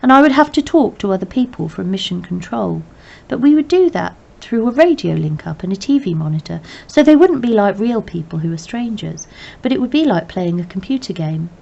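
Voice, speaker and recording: Measured woman reading a novel aloud. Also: medium pitch, expressive, gravelly, darkish tone. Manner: plain, measured first-person narration. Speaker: reader. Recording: dull lo-fi recording.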